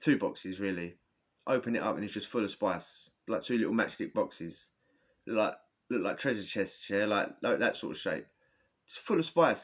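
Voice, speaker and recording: A man's voice: on the low side, expressive, moderate pace, lo-fi sound. A man telling prison stories casually to camera, rambling and swearing, often tagging lines with "yeah?". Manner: rambling, slangy, swearing, frequent "yeah?" tags. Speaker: vlogger recounting prison stories. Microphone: camera mic, talking to camera.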